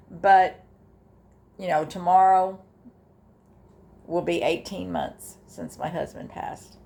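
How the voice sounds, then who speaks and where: An older woman, talking casually in a personal vlog, halting with fillers and restarts, emotional and close to tears at times. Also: fairly low pitch, darkish tone. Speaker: vlogger sharing her grief journey.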